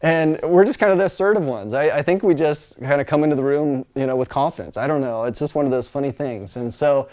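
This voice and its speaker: A middle-aged man from the United States teaching a Bible college class in a loose, conversational way. His voice sits a little high for a man, and he keeps the room engaged with asides, fillers and quick impressions of other people. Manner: chatty, animated, full of fillers, mimics voices. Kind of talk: casual classroom lecture.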